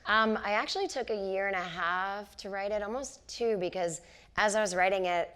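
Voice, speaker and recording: A woman's voice: mid-range voice, normal speed, clear, resonant tone. A woman in her forties, a comedian chatting onstage and telling stories, acting out the people in them. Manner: animated storyteller, acts out quoted people. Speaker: comedian and author, interview guest. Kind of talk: casual onstage conversation, storytelling. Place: theater stage before a live audience.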